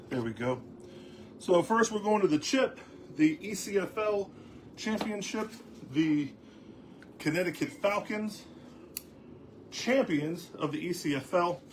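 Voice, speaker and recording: A man's voice: high voice, lively intonation, measured pace, pauses often, slight background noise. A man hosting a casual sports talk show, rambling along with lots of ums and restarts. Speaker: host.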